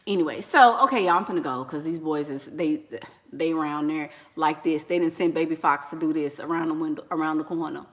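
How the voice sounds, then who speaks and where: A woman's voice: low-pitched, brisk. A woman, chatting casually and animatedly to viewers, slangy and laughing often. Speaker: online business coach and vlogger.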